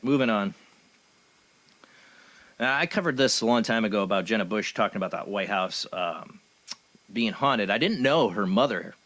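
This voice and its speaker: A man's voice: fairly low pitch, fairly bright tone. A man hosting a paranormal radio show, reading news items aloud and giving blunt, opinionated commentary. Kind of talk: casual chat.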